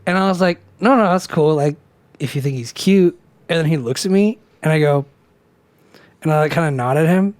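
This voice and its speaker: A young man with a slightly higher voice, chatting on a casual podcast. He rambles through a story, swears freely and acts out the people he quotes. The sound is close and dry. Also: normal speed, a little mellow, dry recording. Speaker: podcast co-host. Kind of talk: casual chat.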